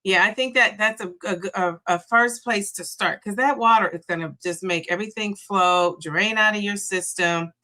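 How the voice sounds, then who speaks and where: A middle-aged woman hosts a casual livestream, talking in a chatty, encouraging way as she reads out viewer comments and cheers people on. Her voice sounds bright and forward. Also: mid-range voice, moderate pace, hardly any pauses. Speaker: livestream host.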